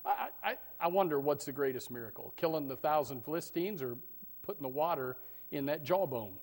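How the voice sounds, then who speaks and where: A middle-aged male pastor preaching a sermon, animated, swinging from loud bursts to hushed tones. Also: fairly high pitch, brisk. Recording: long hall reverb.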